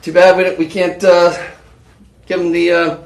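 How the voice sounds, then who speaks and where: A man hosting a live home shopping show, pitching products in a chatty, rambling way with lots of fillers and restarts. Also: monotone, normal speed, echoey room. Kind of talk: live on-air sales pitch. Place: TV shopping studio.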